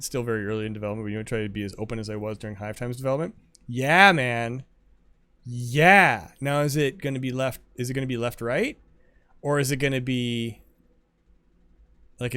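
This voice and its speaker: A man chatting casually with viewers while streaming a game, answering chat as he plays. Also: clear, resonant tone. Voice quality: lively, animated pitch.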